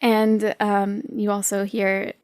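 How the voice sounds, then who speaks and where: A woman's voice: medium pitch, little pitch movement, takes it slowly, a little mellow, no echo, studio quality. A woman narrating a tabletop game as game master, casual and giggly.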